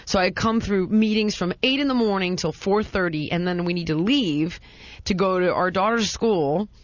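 At a normal speed and mid-range pitch, a woman tells a casual anecdote, exaggerating dramatically at her own expense and rambling through restarts. The recording is dry, dull and lo-fi.

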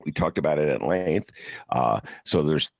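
A man's voice: a bass voice, expressive, normal speed, vocal fry, no echo. An older man hosting a political talk show, sarcastic and ranting. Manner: sarcastic, ranting, mocks people in put-on voices. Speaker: podcast host.

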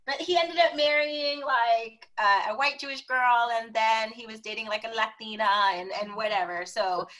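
Bright, animated woman telling stories. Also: on the high side, normal speed, hardly any pauses, poor audio. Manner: animated, acts out quoted voices. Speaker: guest. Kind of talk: casual interview storytelling.

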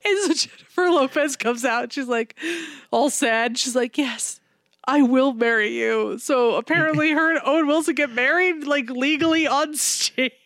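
A woman's voice: high voice, normal speed, few pauses, fairly bright tone, no echo, clean studio sound. A woman in casual chat, animatedly retelling a movie plot, swearing freely and acting out the characters' lines.

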